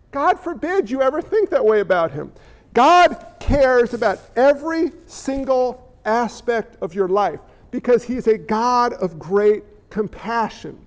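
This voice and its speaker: A man preaching a sermon as a pastor, animated, with quick asides to the congregation. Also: very high voice.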